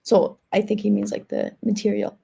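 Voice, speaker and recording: A woman moderates a live webinar over a video call and passes along audience questions. Her voice has a gravelly edge and a mellow, relaxed tone. She talks casually, with many likes and you-knows. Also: mid-range voice, normal speed. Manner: casual, filler-heavy, says 'like' and 'you know'.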